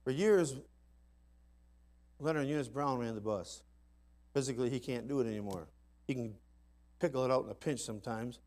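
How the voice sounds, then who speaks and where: A man preaching a sermon in a folksy, emphatic way, dropping to soft asides and rising to loud climaxes. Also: medium pitch, moderate pace, pauses often. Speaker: pastor. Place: church sanctuary.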